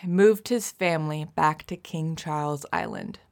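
A woman voice actor chatting between takes, quick to laugh and curse at her own slips. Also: low-pitched, animated, gravelly. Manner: laughs easily, self-deprecating, swears at her own slips. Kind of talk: recording-session chat and retakes.

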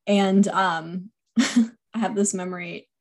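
A woman's voice: mid-range voice, fairly even intonation, takes it slowly. A young woman co-hosting a podcast, chatting casually about a book and laughing often. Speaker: podcast co-host. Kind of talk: casual book-club chat.

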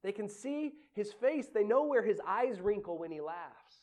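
Animated high-voiced male preacher. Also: normal speed. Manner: animated, conversational, laughs often. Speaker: pastor. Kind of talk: sermon.

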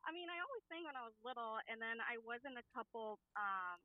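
A woman singing contestant chatting about herself in a relaxed way with a small laugh. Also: a little high, moderate pace, no echo. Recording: tinny phone-like call line.

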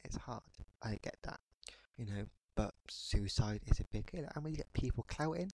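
A man in his thirties hosting a podcast, ranting in a frustrated, halting way and often pausing on "you know". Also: mid-range voice, expressive, darkish tone, dry recording, poor audio. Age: 30s. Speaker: podcast host. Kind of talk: podcast rant monologue.

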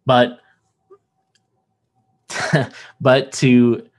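This man speaks at a medium pitch with a level tone and drawn-out words. He's from the American South but lacks the accent, and in a relaxed podcast chat he rambles earnestly, restarting and repeating himself often.

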